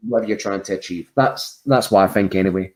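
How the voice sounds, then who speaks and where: A man's voice: deep voice, quick pace, a little mellow. A man talking as a podcast guest in a reflective, casual way, with wry asides. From Scotland. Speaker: podcast guest, jiu-jitsu black belt.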